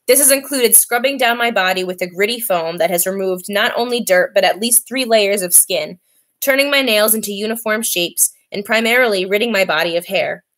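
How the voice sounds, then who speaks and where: A woman reading a novel aloud in a steady, clear voice. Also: mid-range voice, brisk. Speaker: reader.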